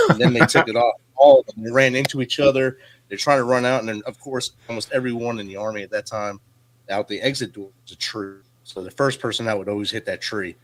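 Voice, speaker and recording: A middle-aged man, a retired Army veteran guest, telling stories in a brisk, matter-of-fact casual chat. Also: on the low side, fairly even intonation, slight background noise, rough recording.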